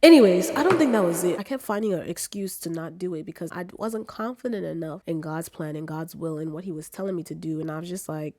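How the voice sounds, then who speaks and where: A woman in her twenties with a British accent who has a cold, telling her story in a casual, animated vlog and acting out her own quotes. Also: quick pace, few pauses, noisy background. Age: 20s. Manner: animated, acts out her own quotes with big pitch jumps. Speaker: vlogger.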